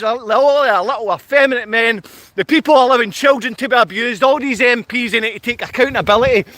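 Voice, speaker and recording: Ranting high-voiced man. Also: a bit bright, no echo. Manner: confrontational, berating, repetitive. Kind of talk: angry livestream rant.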